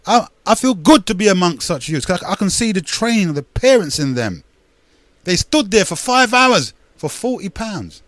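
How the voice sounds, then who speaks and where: A man's voice: high voice, very animated, moderate pace, a bit bright, no echo. Older man rambling emphatically. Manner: rambling, emphatic, repeats words, calls listeners brethren. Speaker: radio talk show host. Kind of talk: casual radio monologue.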